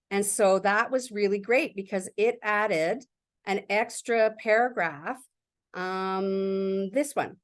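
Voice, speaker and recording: A woman giving a casual workshop walkthrough, reading her prompts aloud and talking about the results with enthusiasm. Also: mid-range voice. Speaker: workshop presenter.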